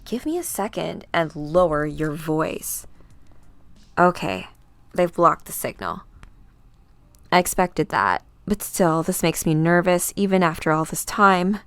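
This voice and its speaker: A woman voicing a calm, commanding woman coordinator who speaks in a measured, controlled way. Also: lowish voice, no room sound.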